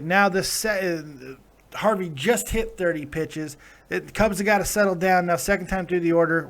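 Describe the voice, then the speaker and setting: A man's voice: a little high, fairly bright tone. A tired man hosting a live reaction stream, casually reading chat comments aloud with plenty of swearing and laughter. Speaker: live-stream show host.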